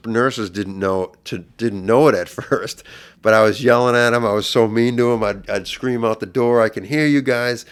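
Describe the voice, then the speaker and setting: A middle-aged man, a podcast guest, earnestly retelling a personal story, his voice swelling louder at intense moments. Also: lowish voice.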